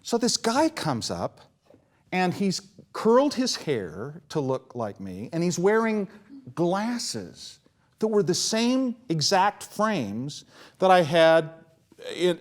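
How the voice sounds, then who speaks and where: Lively, high-voiced man telling a story. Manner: animated, acts out quotes with big pitch swings. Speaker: composer and performer, guest. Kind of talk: storytelling in a live interview. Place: live event with an audience.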